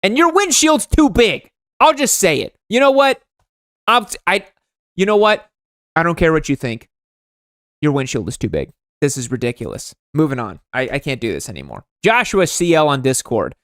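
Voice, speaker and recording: A young man hosting a comedic livestream, roasting viewers' motorcycles in a sarcastic, mock-exasperated way, his voice jumping high when outraged. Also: very animated, normal speed, a bit bright, no echo, studio quality.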